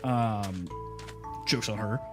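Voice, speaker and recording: A man's voice: fairly low pitch, slow, music in the background. Chatty American guy telling stories. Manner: loose storytelling full of "like" and "bro". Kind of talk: casual chat while gaming.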